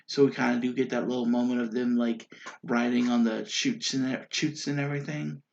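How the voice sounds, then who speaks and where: A man talks through a show review in a loose, excited way, trailing off and restarting his thoughts often. His voice sits at a medium pitch. The recording sounds a bit dull and lo-fi. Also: brisk, gravelly. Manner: rambling and chatty, with many fillers and restarts; excited and enthusiastic. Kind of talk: casual spoken review.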